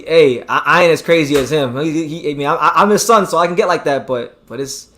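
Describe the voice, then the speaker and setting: A man hosting a live boxing stream, talking excitably, repeating himself and reading out the chat. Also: on the high side, brisk, hardly any pauses. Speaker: boxing channel host.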